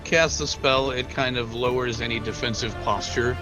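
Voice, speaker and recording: A man narrating a tabletop role-playing game as game master, slow and halting, with many filler words. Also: medium pitch, fairly even intonation, music in the background, rough recording.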